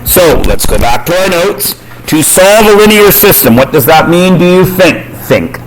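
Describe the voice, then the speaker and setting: A man's voice: high-pitched, sing-song, normal speed, a crowd in the background, rough recording. A man teaching a math class, quizzing students and cracking jokes. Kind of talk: classroom lesson.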